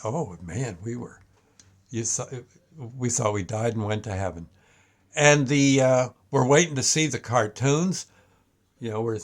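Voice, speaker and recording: An older man hosting a show, telling a childhood story in a casual, meandering way with many halting restarts. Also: medium pitch. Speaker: show host. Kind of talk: casual reminiscence.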